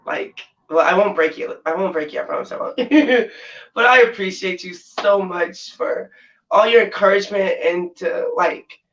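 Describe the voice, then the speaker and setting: A man's voice: high voice, a bit bright. A man hosting a casual live stream from his bedroom, giggly and effusive, laughing often. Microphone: laptop mic at a distance. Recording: dull sound from a distant laptop mic.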